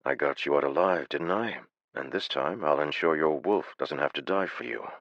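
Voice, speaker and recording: A man voicing a calm, unflappable male adventurer leader who speaks flatly and matter-of-factly. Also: very deep voice, normal speed, no echo, muffled recording, full character voice. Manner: calm, flat, matter-of-fact.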